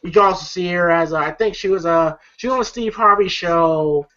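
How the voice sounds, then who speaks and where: Male reviewer, high voice, rambling and profane, laughs a lot; muffled lo-fi sound. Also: fairly quick, pushed and bright. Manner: rambling, laughing, swears freely. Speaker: movie reviewer. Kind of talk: casual movie recap.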